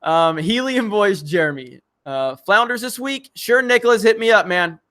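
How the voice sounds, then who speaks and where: Reading viewer chats on his live stream, the Alabama host is chatty, enthusiastic, and heavy on fillers in this casual chat. His voice sits high and sounds expressive and a bit bright, at a moderate pace.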